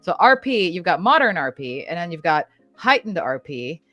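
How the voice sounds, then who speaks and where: Low-voiced woman chatting animatedly. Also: moderate pace, no echo, lo-fi sound, faint music behind. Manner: animated and explanatory, laughs often. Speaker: voice actress at a live signing stream. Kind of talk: casual chat.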